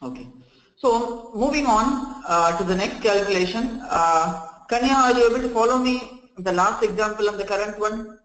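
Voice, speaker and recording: A man running a live software training session, explaining step by step, often saying "okay" and "friends" and restarting sentences. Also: high-pitched, normal speed, reverberant, low-quality recording.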